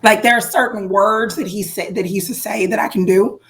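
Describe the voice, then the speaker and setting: Speaking a little fast in a mid-range voice, this podcast co-host tells stories on a casual music show. It's an animated, chatty delivery, packed with fillers and restarts.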